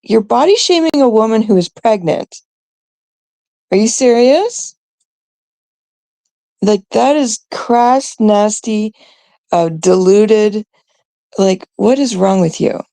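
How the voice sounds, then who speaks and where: Gravelly, slow-talking woman scolding on stream. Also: mid-range voice, lively intonation, dark tone, no echo. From Canada. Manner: blunt, exasperated, scolding with frequent fillers. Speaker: live stream host. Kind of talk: ranting live stream commentary.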